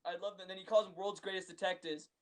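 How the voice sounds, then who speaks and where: A young man co-hosting a podcast, chatting casually and telling stories with lots of animation, often slipping into excited voices to act out scenes. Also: high-pitched, quick pace, a loud crowd. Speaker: podcast co-host. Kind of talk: casual chat.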